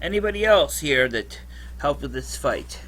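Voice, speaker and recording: A man's voice: on the high side, expressive, normal speed, a bit bright, rough recording. A man acting as game master for a tabletop game, hesitant, with many restarts.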